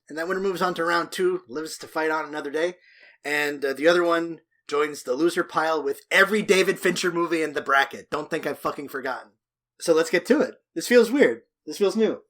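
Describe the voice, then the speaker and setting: A man's voice: on the high side, a bit bright. Joking, swearing male podcast co-host. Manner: joking, profane, loose. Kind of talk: casual podcast chat.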